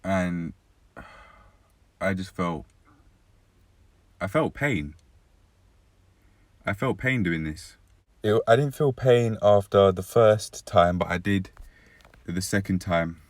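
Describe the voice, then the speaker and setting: Young male vlogger, deep voice, dry-throated, rambling and reflective; dry, close recording. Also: animated, takes it slowly, pauses often, no echo. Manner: rambling, reflective, frequent self-corrections. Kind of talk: casual personal vlog monologue.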